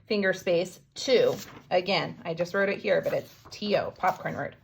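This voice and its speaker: A woman teacher modeling sentence writing for young students, slowly sounding out letters and syllables. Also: lowish voice, creaky, slight background noise.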